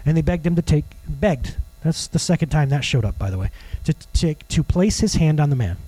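A man preaching a sermon as a pastor, conversational and animated, with jokes and asides to the congregation. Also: a little high, fairly quick, husky, poor audio.

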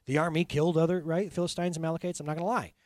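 A man preaching a sermon as pastor, telling stories with animated energy that swings from quiet intensity to loud bursts. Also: on the high side, very fast, no room sound.

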